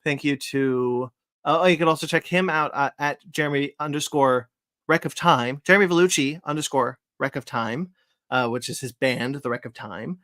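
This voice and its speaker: A man's voice: medium pitch, moderate pace, fairly bright tone. A man in a casual podcast chat, hosting and rambling through his sign-off with many fillers. His voice sits mid-range and sounds close and dry, with no room echo. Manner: rambling, lots of fillers while reading out plugs. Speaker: podcast host.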